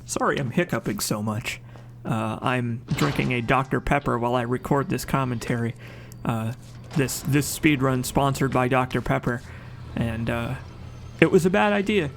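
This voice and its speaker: Gravelly-voiced man doing game commentary. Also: medium pitch, moderate pace, a little hiss or hum. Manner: chatty, enthusiastic, jokes and corrects himself mid-sentence. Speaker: let's play commentator. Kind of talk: casual gameplay commentary.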